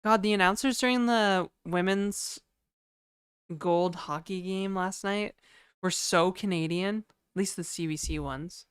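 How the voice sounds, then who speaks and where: A woman's voice: mid-range voice, measured pace, smooth, no echo, clean studio sound. A woman streaming live, chatting to her viewers in a laid-back, slangy way. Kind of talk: casual live-stream chat.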